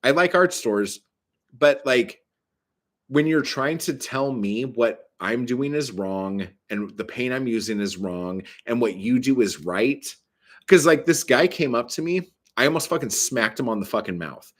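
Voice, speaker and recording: A man's voice: mid-range voice, unhurried. Give me a man in a casual vlog rant, profane and exasperated. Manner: profane, exasperated, animated storytelling. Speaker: vlogger. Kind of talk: casual ranting monologue.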